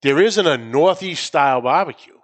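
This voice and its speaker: A man's voice: fairly high pitch, lively intonation, moderate pace. Easygoing, rambling podcast co-host man. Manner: easygoing, rambling, repeats words. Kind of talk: casual chat.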